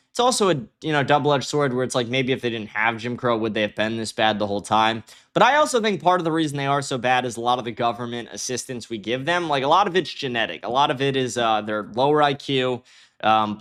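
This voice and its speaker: A man's voice: medium pitch, a bit bright. A young man hosting a livestream, giving angry, profane commentary and reacting to his chat. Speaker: livestream host.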